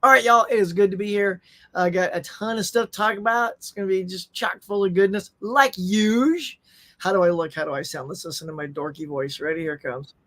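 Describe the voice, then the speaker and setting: A man's voice: high voice, steady tone, a little fast, bright, forceful tone. Goofy upbeat man hosting a live stream. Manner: goofy, upbeat, reads viewer chat aloud. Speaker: host of a pop culture livestream. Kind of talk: casual live-stream chat. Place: home setup in Southern California. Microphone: desktop USB microphone.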